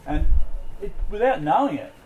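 A man's voice: high-pitched, expressive, normal speed, darkish tone, lo-fi sound, a little hiss or hum. Man leading a Bible study. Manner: conversational, with frequent fillers and restarts. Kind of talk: teaching a group Bible study.

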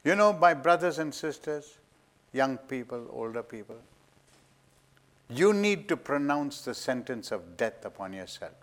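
A man preaching a sermon with dramatic storytelling, acting out voices and swinging from loud declarations to hushed asides. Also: medium pitch, sing-song, unhurried.

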